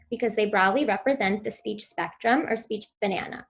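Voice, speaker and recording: Woman, mid-pitched, clear instructive presenter for a virtual conference talk. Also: fairly quick, few pauses. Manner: clear instructive delivery, models sounds for children. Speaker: speech therapy presenter.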